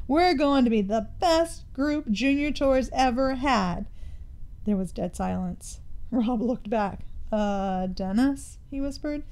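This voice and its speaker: A woman's voice: fairly high pitch, a little slow, darkish tone. A woman teacher reading a children's novel aloud to her students. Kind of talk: storybook read-aloud.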